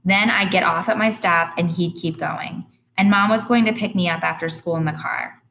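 A woman reads an audiobook in the first person, earnest and plain in her storytelling. Her voice sits a little low, with a faint hiss beneath the recording. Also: moderate pace, gravelly, fairly bright tone, poor audio. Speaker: audiobook narrator.

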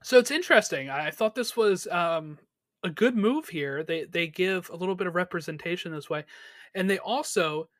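A man's voice: sits high, normal speed, a bit bright, dry recording, studio quality. A man co-hosting a podcast, chatting casually about a TV episode, with lots of fillers and questions to his co-host. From United States. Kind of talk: casual chat recapping a TV episode.

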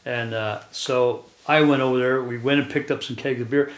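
A man's voice: mid-range voice, steady tone, normal speed. Man, guest storyteller, rambling, laughs often, echoey room. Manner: chuckles often while telling stories. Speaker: guest telling his life story.

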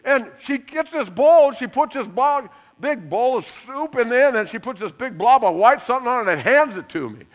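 Man, middle-aged, preacher, sermon storytelling, emphatic, high voice. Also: moderate pace, hardly any pauses. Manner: lively and emphatic, often laughing at his own stories.

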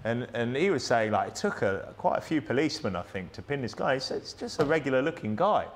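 A man with a British accent delivers a sermon in a church. He talks in a loose, conversational way, often restarting sentences and tossing in tag questions. His voice sits at a middling pitch. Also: big pitch swings, fast talker, a little hiss or hum. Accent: British English. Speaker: preacher. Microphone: plugged-in microphone.

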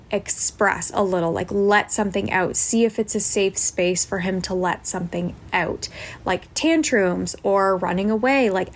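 A woman podcast host telling a personal story in an earnest, reflective way, often tagging thoughts with "like" and "right?". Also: medium pitch.

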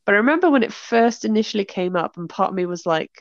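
A woman's voice: medium pitch, expressive, fast talker, no room sound, lo-fi sound. A British woman, an author hosting a casual chat, talking freely, laughing often and acting out the reactions she describes. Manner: chatty, laughs often, acts out quoted reactions. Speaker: author and podcast host.

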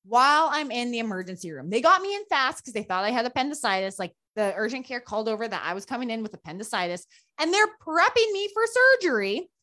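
A woman guest telling a personal story in casual talk, animated and full of "like" fillers, acting out the voices of people she quotes. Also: fairly high pitch, fast talker. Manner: chatty, frequent "like" fillers. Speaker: podcast guest.

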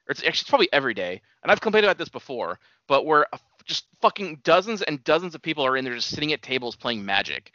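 A man's voice: a little high, very animated, rapid-fire, few pauses, bright, forceful tone, dry recording. A young man chatting casually as a podcast co-host, ranting and swearing with lots of fillers. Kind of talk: casual chat. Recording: dull, dry lo-fi sound.

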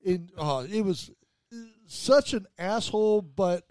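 A man hosting a radio show, telling profane, animated anecdotes in casual chat. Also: sits high, takes it slowly, no room sound.

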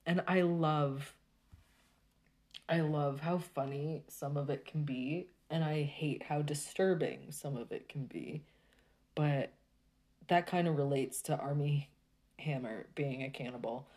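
A woman talking casually to her viewers in a rambling, exasperated rant full of halting restarts. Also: low voice, darkish tone.

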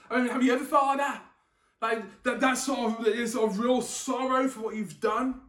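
Preaching a sermon in a church hall, a man with an extremely high, slightly bright voice keeps a steady tone and moderate pace. His delivery is conversational; he restarts words and poses questions to the audience, and the distant mic picks up an echoey room.

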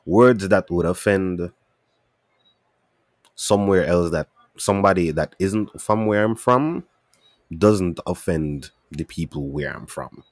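A man from Saint Kitts with a Kittitian accent, co-hosting a casual podcast chat, animated and emphatic. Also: sits low, slow, no echo, clean studio sound. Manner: animated, emphatic, shifts into local dialect. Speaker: podcast co-host.

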